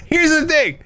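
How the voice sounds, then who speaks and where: A man telling a story in casual chat, animated, swearing and acting out voices. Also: very high-pitched, no room sound, studio quality.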